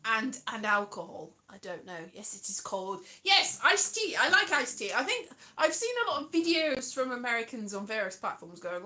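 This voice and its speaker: A woman's voice: on the high side, big pitch swings, moderate pace, hardly any pauses, bright, forceful tone. A British woman hosting a casual live stream, chatting playfully and drifting into sing-song. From United Kingdom.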